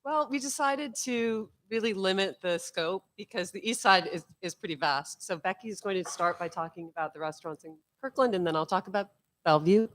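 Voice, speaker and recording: A woman guest on a food radio show who calmly explains how she and her friend planned their restaurant reviews. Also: mid-range voice. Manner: measured, explanatory. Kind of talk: casual radio chat.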